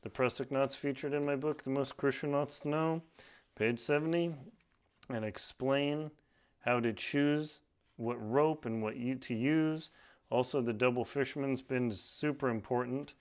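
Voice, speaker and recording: A man with a smooth, clear voice walks through tying a climbing knot. He talks plainly and practically, narrating his hands as he works. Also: medium pitch, a little slow. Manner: plain, practical, hands-on demonstrating while talking. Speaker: outdoor skills instructor. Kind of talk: casual knot-tying tutorial.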